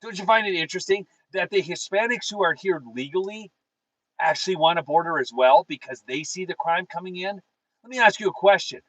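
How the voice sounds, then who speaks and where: A man's voice: sits high, fairly bright tone, dry recording, rough recording. A man hosting a live political show from his car, fired up and preachy, talking straight to his viewers and reading their chat. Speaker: political talk show host.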